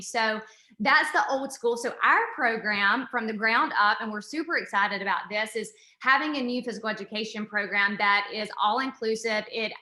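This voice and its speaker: A woman in her thirties talks quickly and eagerly as she presents a university program. Her voice is bright and forceful, sitting a little high. It echoes around a roomy space. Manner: fast, excited and chatty. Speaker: assistant professor.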